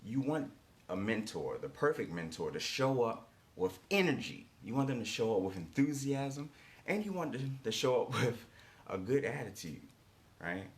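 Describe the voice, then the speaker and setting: A man with a medium-pitched voice full of big pitch swings speaks at normal speed in a motivational coaching talk. His delivery is emphatic and repetitive, with key lines restated and rhetorical "right?" checks throughout.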